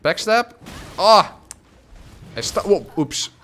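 A man whose first language is Dutch, streaming a game live, reading chat and reacting loudly with jokes. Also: fairly high pitch, lively intonation, a little slow, slight background noise.

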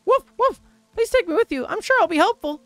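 A yappy, eager game dog begging to tag along, its voice squeaky and high, as a man acts it out. It sounds loyal and keen to help, with a bouncy lilt. Soft music plays underneath. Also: animated, brisk, dry recording.

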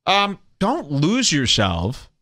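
A man's voice: a little high, wildly swooping pitch, slow, bright, forceful tone, dry recording. A man hosting a podcast, delivering a sarcastic, mock-preachy comedic rant in a close, dry studio recording. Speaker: podcast host. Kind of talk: ranting comedic monologue.

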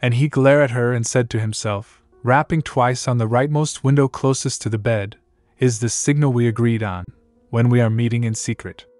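A man's voice: mid-range voice, fairly even intonation, normal speed, darkish tone, dry recording, soft background music. Man narrating a recap in a plain voice. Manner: reads the narration and every character's quotes in one plain voice. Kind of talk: scripted story narration.

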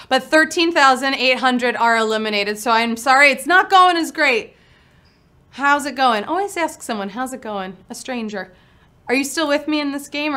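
A woman's voice: high-pitched, pushed and bright. A woman hosting a live word game show, talking in a playful, upbeat patter full of puns.

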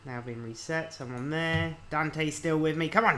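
A man with a slightly higher-than-average voice talks his way through a video game. He reads the on-screen text aloud in a relaxed, offhand way and mutters his thoughts between lines. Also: normal speed, a little hiss or hum. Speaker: let's-play host. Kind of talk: casual video game commentary.

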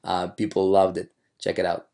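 A man with a hoarse voice, talking casually as a marketing coach about his own videos, rambling with many fillers and restarts. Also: sits low, completely flat delivery, moderate pace, warm tone.

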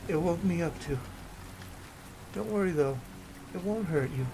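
A man's voice: on the high side, animated, measured pace, noisy background, voice pushed up. A man doing a sleepy soothing father. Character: sleepy tired father, gentle.

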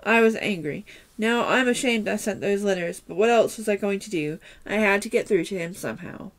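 A woman voicing a troubled middle-aged man who is defensive and pleading, in a halting way, in a read-aloud storybook. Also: medium pitch, lightly acted.

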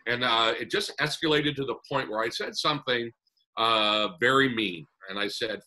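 A man's voice: medium pitch, lively intonation, moderate pace, sharp tone, poor audio. A man casually telling a personal story as a podcast guest, full of "uh" fillers and little chuckles. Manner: rambling with many "uh" fillers and chuckles.

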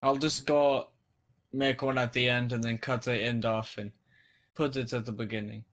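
A man casually commenting on his own gameplay. He keeps up a running chat, calling out whatever he stumbles across. His voice sits at an ordinary middle pitch. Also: level tone, moderate pace, fairly bright tone. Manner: chatty, narrates his finds as he plays. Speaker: let's play host.

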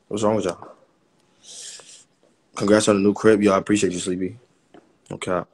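Young man, husky voice, low-pitched, casual livestream chat, trash-talking viewers. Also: flat delivery, moderate pace, a little mellow. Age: 20s. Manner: joking trash talk to viewers.

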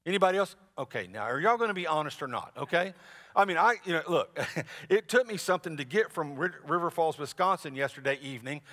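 A man preaching a sermon as pastor, in a conversational, animated way with asides to the congregation. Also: fairly high pitch, fast talker. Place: large church sanctuary. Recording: long reverb of a church hall.

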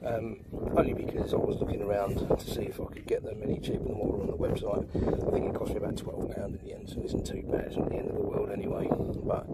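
A man's voice: on the low side, flat delivery, quick pace, few pauses, very noisy. A man giving a casual how-to talk while fitting a phone mount, with lots of ums and fillers. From United Kingdom. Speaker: vlogger demonstrating an install. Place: outdoors by a motorbike.

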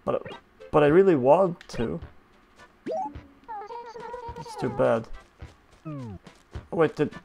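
A chatty male gamer narrates his play with loose, excitable energy, often swearing. His pitch jumps around a lot. Cheerful game music sits clearly under his voice. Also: slow, pauses often. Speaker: gaming streamer. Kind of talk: casual gameplay commentary.

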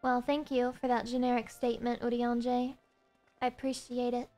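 A young woman with a high, bright-sounding pitch chats playfully with her viewers as she streams a game, joking and teasing in a loose, casual way. Soft music plays faintly behind her. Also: level tone, normal speed. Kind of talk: casual game livestream chat.

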